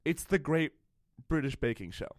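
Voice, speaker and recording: A man's voice: fairly high pitch, lively intonation, normal speed, dry recording, studio quality. A young man co-hosting a casual comedy chat, playful and theatrical, laughing often. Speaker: podcast co-host.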